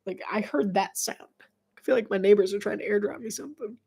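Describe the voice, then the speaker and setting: A woman giving solo live play-by-play commentary on a football game, chatty and quick to laugh, joking between plays. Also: medium pitch, gravelly, darkish tone, slightly rough.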